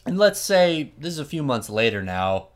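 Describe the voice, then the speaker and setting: Wry man recapping with animated storytelling. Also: medium pitch, normal speed. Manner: animated, wry, laughs often. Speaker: podcast host. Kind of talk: casual storytelling chat.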